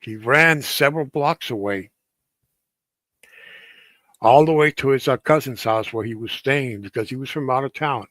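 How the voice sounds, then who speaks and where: A man casually telling a ghost story on a stream, halting often and restarting his sentences. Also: medium pitch, a bit bright, no room sound. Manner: halting, many restarts and fillers.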